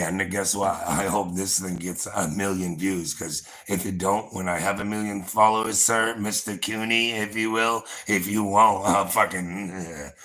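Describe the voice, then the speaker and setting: Brief: low, forceful-voiced man doing a rambling, profane livestream rant, boastful, chuckling, talking to viewers. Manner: talks straight to viewers. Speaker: livestream host.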